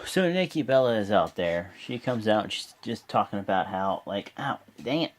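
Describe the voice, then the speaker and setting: Lively man recapping wrestling, rambling. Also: fairly low pitch, moderate pace. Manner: rambling, with many fillers and "and whatnot"; breaks into loud, excited voices when quoting. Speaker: host of a wrestling reaction channel. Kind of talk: casual show recap to camera.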